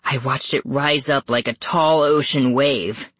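An audiobook narrator reading a first-person spooky story slowly and suspensefully. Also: mid-range voice, fairly even intonation, a bit bright, no room sound. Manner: slow, measured and suspenseful, rising tense at scary moments. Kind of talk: first-person scripted horror narration for young readers.

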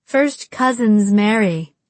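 A woman's voice: medium pitch, expressive, slow, a little mellow, dry recording. A woman putting on a brash, teasing young woman. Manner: pushy, dramatic, provocative.

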